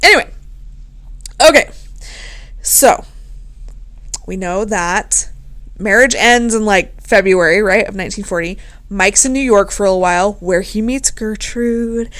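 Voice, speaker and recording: A woman hosting a casual podcast, telling a story in a profane, animated way and laughing often. She is a bit tipsy. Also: mid-range voice, unhurried, pauses often. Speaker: podcast host.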